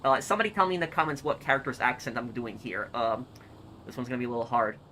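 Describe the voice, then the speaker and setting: A man streaming and reading comments aloud in casual chat, halting and repeating words as he goes. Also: medium pitch, pushed and bright, slight background noise, low-quality recording.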